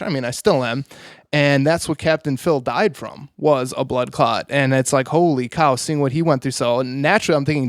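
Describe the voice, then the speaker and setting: Smooth-voiced man telling his story. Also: medium pitch, moderate pace, no room sound, clean studio sound. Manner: earnest, rambling, heavy use of "you know" and "like". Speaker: interview guest, author. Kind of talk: telling a personal story in conversation.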